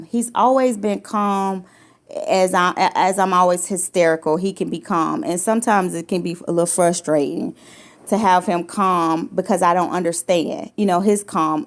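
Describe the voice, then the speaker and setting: A woman sharing a painful personal story in casual conversation, emotional, restarting her sentences and acting out what others said. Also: fairly low pitch. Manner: emotional, repetitive restarts, acts out quoted lines. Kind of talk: personal testimony, casual chat.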